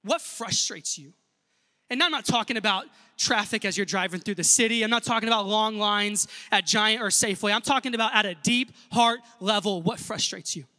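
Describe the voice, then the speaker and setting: Very high, bright-voiced male pastor preaching. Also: brisk, hardly any pauses, long reverb tail. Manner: earnest preaching, addresses the congregation directly. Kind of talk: sermon. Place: church sanctuary.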